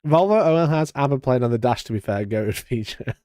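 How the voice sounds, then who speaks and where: A British man hosting a casual live stream, chatty and mock-indignant, talking into a boom-arm mic. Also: animated, fast talker, warm tone, no echo, studio quality. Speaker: streamer host. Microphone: studio mic on boom arm.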